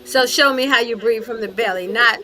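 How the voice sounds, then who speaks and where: A woman's voice: fairly high pitch, fairly quick, pushed and bright. A woman hosting a conversational interview, encouraging her guest with frequent affirmations. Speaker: podcast host.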